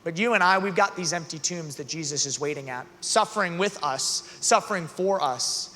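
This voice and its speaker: A man with a high, bright voice delivers an earnest talk to young people at normal speed, moving from casual asides into loud, emphatic stretches. The sound rings through a big arena, trailing a long reverb.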